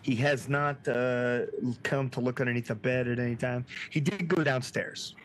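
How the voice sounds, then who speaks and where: A man narrates a tabletop horror game as its game master. His voice sits at an ordinary middle pitch. He talks casually and hesitantly, with plenty of filler words. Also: steady tone, moderate pace, slight background noise.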